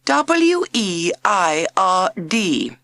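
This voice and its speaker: A woman voicing a quirky modern witch who teaches a school class, in a quiet but firm, brisk storybook voice. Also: mid-range voice, sing-song, no room sound, studio quality, full character voice. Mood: stern.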